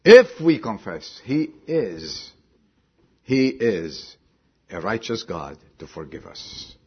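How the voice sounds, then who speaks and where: A man preaching a sermon, dropping low and quiet, then bursting out loud and high, and asking the congregation direct questions. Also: very animated, slow pace, breathy edge, highs cut off. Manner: swings from low quiet lines to sudden loud high exclamations. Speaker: pastor.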